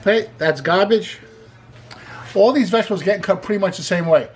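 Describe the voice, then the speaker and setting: A man's voice: high voice, moderate pace, a little hiss or hum. A man hosting a casual cooking demonstration in a kitchen, chatty and enthusiastic, with joking asides. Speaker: cooking show host.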